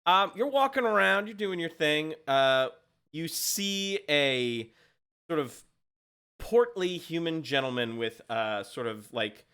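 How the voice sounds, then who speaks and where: A man running a tabletop game with loose, giggly narration full of fillers. His voice is bright and moves a lot in pitch. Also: animated, slow, clear, resonant tone. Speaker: game master.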